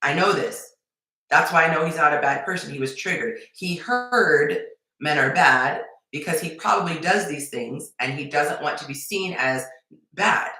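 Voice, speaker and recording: A woman dating coach giving advice on a live stream, emphatic and repetitive with sudden excited bursts. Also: low voice, unhurried. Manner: emphatic, repeats points, animated bursts. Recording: very echoey room.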